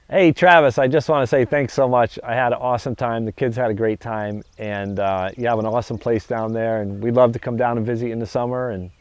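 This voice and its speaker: A middle-aged man telling a story in a casual interview, halting, with many restarts and fillers. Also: medium pitch, fairly even intonation, dry recording.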